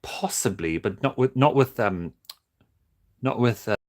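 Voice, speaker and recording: A man streaming casually while building toys, talking in a flat, monotone way with many halting restarts. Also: mid-range voice. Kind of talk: casual livestream chat.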